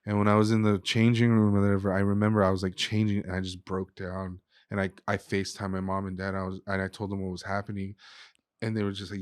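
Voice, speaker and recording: Young male guest, relaxed and heartfelt, slangy storyteller; lower voice, dry studio sound. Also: fast talker, clean tone, no echo. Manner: casual, says "dude" and "like" often. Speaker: guest, chef and restaurant owner. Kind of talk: emotional personal storytelling.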